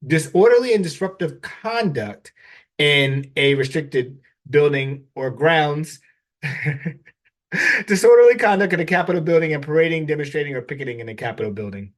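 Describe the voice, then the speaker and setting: A man co-hosting a podcast, animated and joking, often laughing as he talks. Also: fairly high pitch, normal speed. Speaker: podcast co-host. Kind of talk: casual podcast chat.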